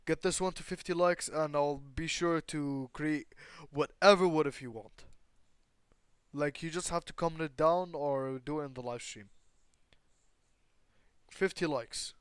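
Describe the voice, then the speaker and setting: A man's voice: fairly high pitch, unhurried, pauses often, smooth, dry recording, studio quality. A young man improvising a fan story, rambling with constant fillers, restarts and casual swearing.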